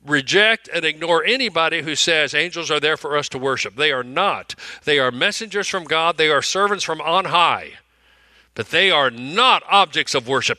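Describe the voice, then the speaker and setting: A man preaching a sermon in a very bright, ringing voice pitched a little high. He repeats his phrases for emphasis and drops from loud declarations to hushed, close asides. The sound is dry, with no room echo. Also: animated, moderate pace. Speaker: pastor.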